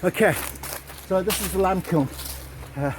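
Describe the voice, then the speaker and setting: A man hosting a vlog outdoors at old stone ruins, excitedly exclaiming and repeating himself into a handheld camera mic. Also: high voice, unhurried, background noise. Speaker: vlog host exploring ruins. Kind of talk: excited on-the-spot vlogging.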